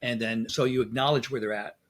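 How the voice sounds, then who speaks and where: A man, a dentist guest in a casual interview, telling lively anecdotes and acting out dialogue. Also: medium pitch, a little fast.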